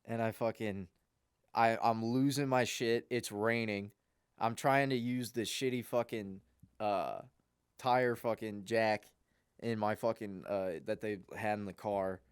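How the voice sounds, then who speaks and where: A young man, a podcast co-host, telling a long, rambling story in a casual, animated way. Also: lowish voice, measured pace, clean tone, no echo, clean studio sound.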